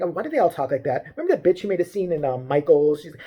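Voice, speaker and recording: Man, comedic vlog rant, foul-mouthed, exasperated, husky voice, lively swings in pitch. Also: fast. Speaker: vlogger.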